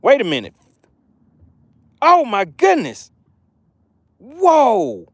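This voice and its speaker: A man hosting a fishing live stream while he fishes. He reads the chat aloud, keeps exclaiming in excitement and keeps plugging channel membership. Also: very high voice, very slow, vocal fry, dry recording. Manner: chatty and promotional. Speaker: fishing livestream host.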